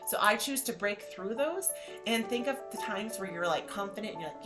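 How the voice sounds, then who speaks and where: A woman's voice: medium pitch, lively intonation, brisk. A woman in her thirties hosting a yoga podcast, talking in an effusive, encouraging way with faint music behind. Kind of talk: motivational podcast monologue.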